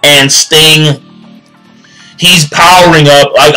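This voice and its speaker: Excitable high-voiced young man ranting. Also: slow, faint music behind, poor audio. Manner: excitable, profane, stammering restarts. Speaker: anime reviewer. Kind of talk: ranting video commentary.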